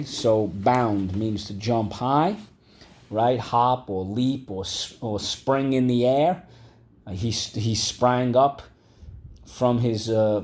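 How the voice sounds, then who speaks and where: This man's voice sits on the low side, with a darkish tone and a slight hiss or hum. In a vocabulary and phonics lesson, he patiently says each word again and asks the class to repeat it.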